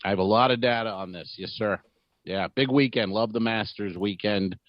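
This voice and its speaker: A man's voice: fairly low pitch, no echo. Chatty guy cohosting a comedy podcast, rambly, kinda muffled dry audio. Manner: chatty, quick asides, rambling. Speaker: podcast co-host. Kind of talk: casual comedy podcast chat.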